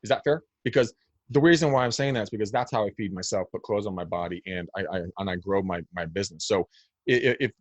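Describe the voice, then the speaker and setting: A man's voice: lowish voice, quick pace, dry recording. A man from the United States, a guest on a podcast, talking in a blunt, emphatic and snarky way, often repeating words. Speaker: guest real estate agent. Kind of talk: podcast interview.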